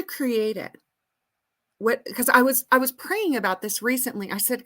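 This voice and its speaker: Bright-voiced woman lecturing earnestly. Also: on the high side, normal speed. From United States. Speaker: host answering audience questions. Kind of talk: live Q and A talk.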